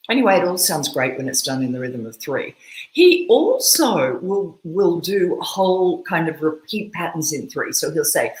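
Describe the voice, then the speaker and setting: Woman analyst with an Australian accent, low voice, very lively intonation, emphatic delivery, echoey room. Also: normal speed. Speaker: communication analyst. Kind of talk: explanatory talk to camera.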